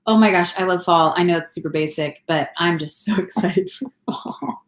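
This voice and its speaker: Speaking at a normal speed in a lowish voice, this woman vlogger is in her thirties and hails from California. She chats casually on a live stream indoors at home, rambling and often laughing, with a roomy sound and slight background noise.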